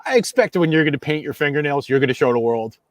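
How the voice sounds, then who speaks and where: A man's voice: fairly high pitch, animated, quick pace, a crowd in the background. A man hosting a podcast in casual chat, upbeat, stammering and laughing often. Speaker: podcast host.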